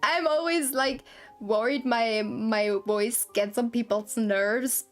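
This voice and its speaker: A young woman game streamer with a fairly high voice chats slowly and casually to her viewers, rambling, giggling a lot and getting flustered easily, with a self-conscious edge. She's on a desktop streaming mic with no camera, and soft music plays in the background.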